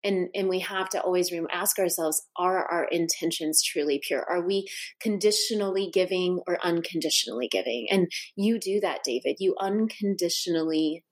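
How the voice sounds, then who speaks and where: Heartfelt storytelling middle-aged woman, low-ish voice. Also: moderate pace. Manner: heartfelt, with many restarts and asides. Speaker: guest. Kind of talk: personal storytelling in a conversation.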